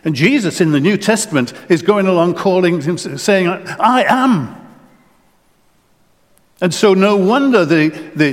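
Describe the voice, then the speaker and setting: Man, preacher, sermon, earnest, higher voice, restarts and repeats words, long church echo.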